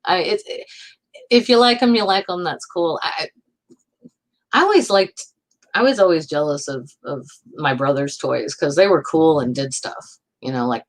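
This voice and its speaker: A woman hosting a casual livestream, chatting loosely with viewers, rambling and often laughing as she answers comments. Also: lowish voice. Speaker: livestream host.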